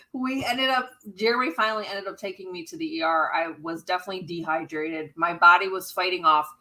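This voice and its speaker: A woman's voice: lowish voice, moderate pace, sharp tone, low-quality recording. A woman co-hosting a casual livestream chat, talking freely, laughing often and thanking viewers for donations. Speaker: YouTube channel co-host.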